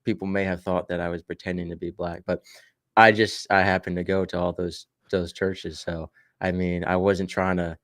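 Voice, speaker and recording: A man's voice: sits low, little pitch movement, moderate pace, a bit bright, no room sound, studio quality. A man chatting casually on a video call, telling stories and cracking jokes with lots of fillers. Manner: joking, storytelling, many fillers. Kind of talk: casual chat.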